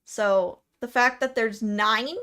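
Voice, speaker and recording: Chatty Californian woman streamer, slow pace. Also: on the high side, steady tone, pushed and bright, clean tone. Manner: chatty, laughs often, restarts words. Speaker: VTuber streamer. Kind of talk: casual live-stream chat, reading comments.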